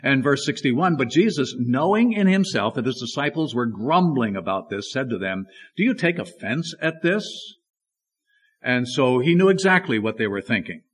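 A man's voice: mid-range voice, very animated, normal speed, fairly bright tone, breathy edge. A man preaching a sermon in an emphatic, questioning manner. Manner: emphatic, asks the congregation rhetorical questions.

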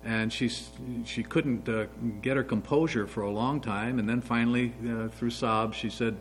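A man's voice: medium pitch, steady tone, moderate pace, a little hiss or hum, poor audio. A man in his sixties giving an earnest, story-filled sermon as a pastor. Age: 60s.

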